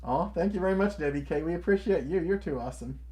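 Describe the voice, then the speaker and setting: A man's voice: fairly high pitch, quick pace, a little mellow. Male live stream co-host, friendly and upbeat, reacts to chat comments. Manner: upbeat, reads out and answers viewer comments; enthusiastic, friendly greetings to viewers.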